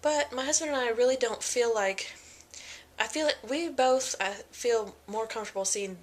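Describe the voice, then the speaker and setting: A woman's voice: on the high side, moderate pace. A young woman talking casually in a pregnancy vlog, chatty and full of fillers, often acting out what people said. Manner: chatty, many fillers and quoted voices. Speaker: vlogger.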